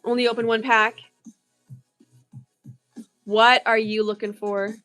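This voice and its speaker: A woman's voice: on the high side, slow pace, soft background music. A woman hosting a casual livestream of card pack openings, chatting with viewers and reacting with gasps. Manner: chatty, reads chat aloud, yawning, excitable gasps. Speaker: livestream card-breaking host.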